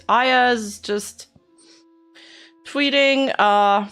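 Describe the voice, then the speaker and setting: A woman's voice: mid-range voice, a little slow, fairly bright tone, faint music behind. A woman streamer chatting casually as she reacts to news, laughing often and speaking bluntly. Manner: laughs often, counts under her breath, blunt and sweary. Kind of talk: casual live-stream chat.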